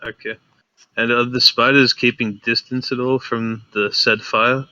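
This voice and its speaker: Guy playing a tabletop game, flat even delivery, asks straight questions, dry muffled chat audio. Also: medium pitch, unhurried, no room sound. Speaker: player.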